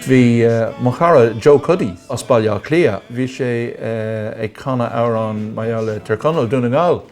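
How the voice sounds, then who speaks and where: A man recalling old performances in a documentary interview, hesitant and pausing often. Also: mid-range voice, darkish tone, faint music behind.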